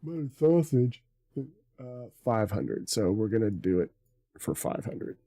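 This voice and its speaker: Gravelly, slow-talking male streamer. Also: lowish voice, warm tone. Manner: mutters to himself while fumbling with settings, trailing off. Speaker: livestreamer. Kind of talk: casual live-stream chat. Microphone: desk mic on an arm.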